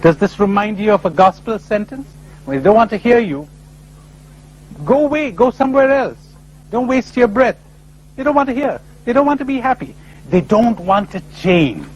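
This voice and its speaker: A man speaking to a live audience about spiritual matters, his slightly raised voice swooping up and down with lively energy. He fires off rhetorical questions and briefly acts out how others might answer. A faint hum sits under the recording. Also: sits high, moderate pace, highs cut off. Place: lecture before a live audience.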